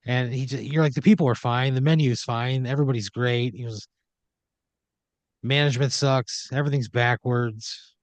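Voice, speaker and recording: A man's voice: medium pitch, steady tone, normal speed, dry recording. Man, comedy podcast host, improvised storytelling, rambling, filler-heavy, dry close sound. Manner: rambling, many fillers, jumps into quoted voices.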